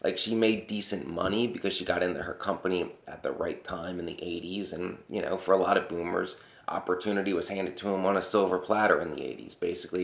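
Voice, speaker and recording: Deep creaky man ranting bluntly. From Pennsylvania, US. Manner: blunt, sarcastic, swears freely. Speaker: vlogger. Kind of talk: casual ranting monologue. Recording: roomy, dull lo-fi sound.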